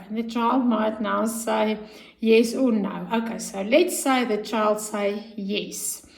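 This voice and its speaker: A middle-aged woman with a South African accent, a play therapist calmly explaining a technique step by step and acting out what child and therapist might say. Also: medium pitch, slow, gravelly. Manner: calm, step-by-step, acts out child and therapist lines. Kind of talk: instructional explanation.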